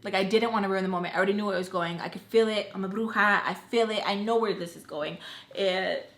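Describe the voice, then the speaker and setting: A young woman vlogger telling a personal story in casual chat, animated and full of filler words. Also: medium pitch, fast talker. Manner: chatty, animated, lots of "like" fillers. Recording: roomy echo.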